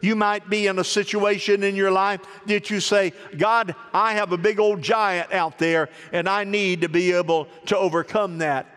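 Male pastor, high voice, call-and-response sermon, long church reverb. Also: fairly even intonation, moderate pace, few pauses, fairly bright tone, clear, resonant tone. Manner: call-and-response preaching, rising exhortation. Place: church sanctuary.

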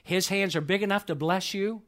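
Preaching man, loud peaks and hushed lows. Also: moderate pace. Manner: swings between loud emphatic peaks and soft hushed lows. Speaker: pastor. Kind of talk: sermon. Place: church sanctuary.

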